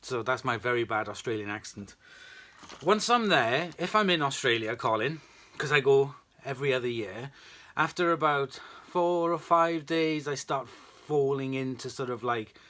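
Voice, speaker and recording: A middle-aged British man talks through his repair work in a relaxed, rambling workshop vlog. His voice is bright and forward. He sounds friendly and chatty, as if talking to regular viewers. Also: mid-range voice, normal speed. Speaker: vacuum restoration channel host.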